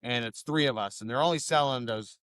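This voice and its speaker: A relaxed man on a podcast, cursing freely and dropping his voice low for the asides. His voice is clean and smooth, recorded dry and close. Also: a little fast, dry recording. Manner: laid-back, profane, drops low for asides. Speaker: podcast co-host. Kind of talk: casual storytelling.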